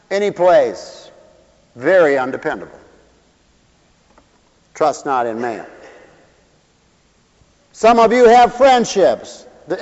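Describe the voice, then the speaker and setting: A man preaching a humorous sermon with animated, theatrical storytelling in a large hall. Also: high voice. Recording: dull sound with long hall reverb.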